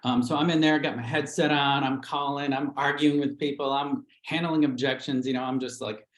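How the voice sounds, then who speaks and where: A man's voice: medium pitch, moderate pace, echoey room, poor audio. Candid middle-aged man telling his story. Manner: candid, animated storytelling with acted-out quotes. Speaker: real estate agent. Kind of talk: livestream interview storytelling.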